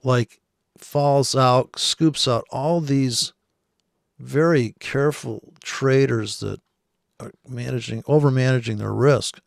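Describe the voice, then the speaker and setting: Male trader talking over charts, gravelly voice, dry close mic, rambling and sarcastic. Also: mid-range voice, steady tone, slow pace, dry recording. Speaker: forex trader. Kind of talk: casual screen-share trading commentary.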